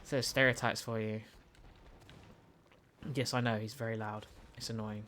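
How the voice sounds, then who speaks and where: A man's voice: on the low side, little pitch movement, normal speed, fairly bright tone, slight background noise. Rambling young British man streaming. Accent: British English. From United Kingdom. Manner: rambling, stumbling restarts, reads and answers chat. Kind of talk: casual live-stream chat while gaming.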